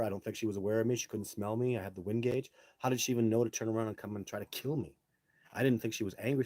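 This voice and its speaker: A middle-aged man hosting a live show, telling his own stories casually and answering viewer questions in an animated way, with some swearing. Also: fairly low pitch, no echo.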